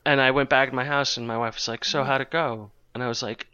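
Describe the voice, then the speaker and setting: A man co-hosting a podcast tells a meandering story, restarting his sentences as he goes. His voice is bright and forceful. The recording is dry and a bit dull. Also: medium pitch, level tone, fast talker, smooth, no room sound. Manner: rambling, self-interrupting anecdote teller. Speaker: podcast co-host. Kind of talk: casual storytelling chat.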